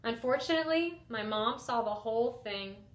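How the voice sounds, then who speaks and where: A young adult woman, a teacher, reading a picture book aloud to children in an expressive first-person style. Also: on the high side, moderate pace. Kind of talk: storybook read-aloud for children. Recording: roomy echo.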